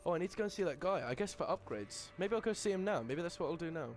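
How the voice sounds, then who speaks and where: A young man giving excitable let's-play commentary, yelling and laughing at the game with mild slang. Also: high-pitched, racing. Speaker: gamer.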